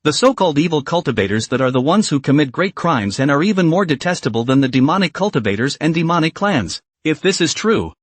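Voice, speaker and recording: A man's voice: fairly high pitch, big pitch swings, quick pace, few pauses, dry recording. A man voicing a stern, righteous young woman cultivator who speaks in a firm, scolding way.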